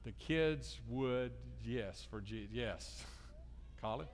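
A middle-aged pastor gives a children's sermon, coaxing the kids with lively questions. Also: male voice, mid-range voice, drawn-out words, a little hiss or hum. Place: church sanctuary. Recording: long reverb of a large church hall.

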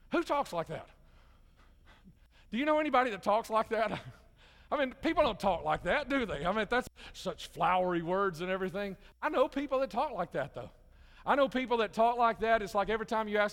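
A man's voice: high voice, animated, fairly quick, fairly bright tone. A man preaching a sermon as pastor, talking casually to the congregation and building up to emphatic, repeated calls. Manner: conversational, rising to emphatic repetition. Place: church hall. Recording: long hall reverb.

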